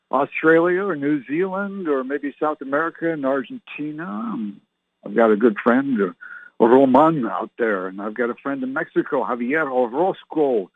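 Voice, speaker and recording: A man's voice: medium pitch, husky. A man in his sixties hosting his own show, talking alone from a home patio in a chatty, joking, meandering way. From Canada. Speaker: show host. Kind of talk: rambling solo monologue. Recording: tinny phone-like line, dry.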